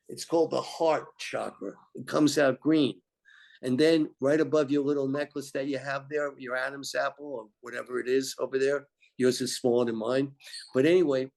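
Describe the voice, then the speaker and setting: A man telling spiritual stories in a meandering, animated way as a guest. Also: mid-range voice, vocal fry. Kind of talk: rambling spiritual storytelling.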